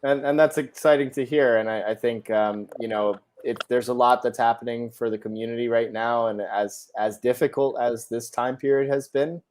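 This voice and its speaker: A man's voice: medium pitch, steady tone, normal speed, few pauses, a little mellow. A man moderating a panel, asking questions hesitantly with many fillers. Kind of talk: panel discussion.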